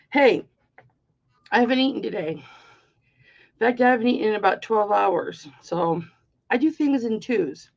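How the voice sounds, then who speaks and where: A woman's voice: on the high side, expressive, slow pace, gravelly, long pauses, darkish tone, highs cut off. A middle-aged woman hosting a live-stream jewelry auction, chatting casually and rambling playfully through stories.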